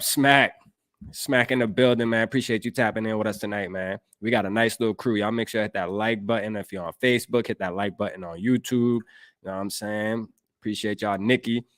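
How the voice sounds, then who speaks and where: A man's voice: lowish voice, no room sound, clean studio sound. A man hosting a sports podcast livestream, laid-back and slangy, greeting viewers in chat. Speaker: podcast host.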